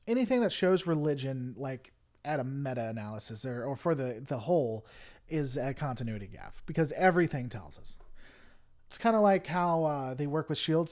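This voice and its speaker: A man's voice: fairly high pitch, darkish tone. A young man with a Southern US accent, rambling through a casual livestream chat with viewers, full of fillers and restarts. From Tennessee, US. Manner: rambling, many fillers and restarts, heated then apologetic. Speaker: livestream host. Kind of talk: casual live-stream chat answering viewers.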